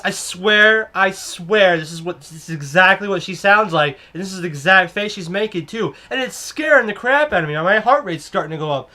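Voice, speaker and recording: Excitable young man with a bright voice. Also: high-pitched, normal speed, few pauses. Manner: excitable, exaggerated, rambling. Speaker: comedic vlogger playing a cashier. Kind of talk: comedic storytelling monologue.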